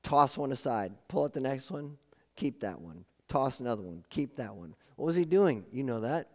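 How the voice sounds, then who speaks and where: A man's voice: mid-range voice, sing-song, normal speed, darkish tone. A man preaching a sermon with emphatic repeated phrases and questions to the congregation. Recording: long hall reverb.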